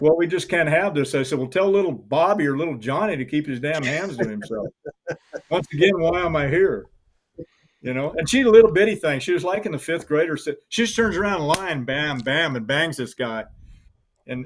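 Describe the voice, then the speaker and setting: In an interview, a middle-aged man who guides hunts with hounds tells a long, folksy, rambling story in a voice on the high side, acting out the voices of the people involved.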